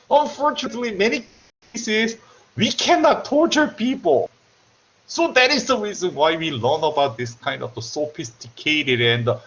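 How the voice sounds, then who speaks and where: Animated Korean-accented male lecturer. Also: a little high, lo-fi sound, slight background noise. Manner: joking, animated, repeats himself. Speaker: university lecturer. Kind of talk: remote university lecture.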